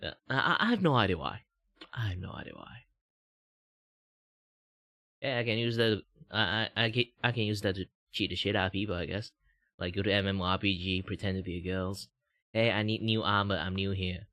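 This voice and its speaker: A man's voice: deep voice, brisk, pauses often, bright, forceful tone, no echo. A young man from Malaysia streaming as a VTuber, chatting casually at a desk mic in a rambling, self-mocking way and chuckling often. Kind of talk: casual livestream chat.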